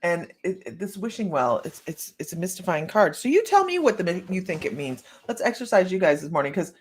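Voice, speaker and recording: A woman's voice: fairly low pitch, big pitch swings, fairly quick, slightly rough. A woman from Ohio hosting a psychic reading livestream, chatting casually with viewers by name and laughing often as she reads cards. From Ohio, United States. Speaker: psychic reader and livestream host.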